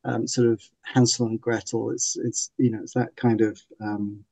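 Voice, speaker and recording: A man's voice: medium pitch, flat delivery, normal speed, vocal fry, dark tone, no room sound. A man hosting a casual book discussion, speaking enthusiastically and laughing often. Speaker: podcast host and book reviewer.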